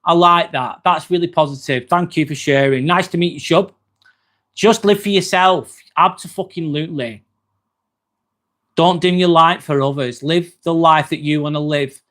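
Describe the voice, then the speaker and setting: A man's voice: fairly high pitch, moderate pace. A man with an English accent hosting a casual live stream, chatting loosely, reading viewer comments aloud and dropping in the odd swear word. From England. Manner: chatty and relaxed, with frequent ums and casual swearing. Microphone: phone.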